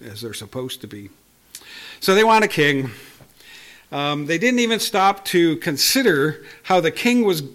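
An older man preaching a sermon in a conversational, storytelling way, often restarting words and chuckling. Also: a little high. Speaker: pastor.

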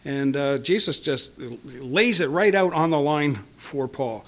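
A man preaching a sermon, reading scripture slowly and with emphasis, chuckling lightly between points. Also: on the high side. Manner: expressive, stretches quoted scripture slowly with emphasis.

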